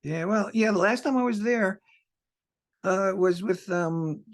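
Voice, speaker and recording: A man hosting a casual interview, asking halting, hesitant questions. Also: sits high. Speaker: interview host.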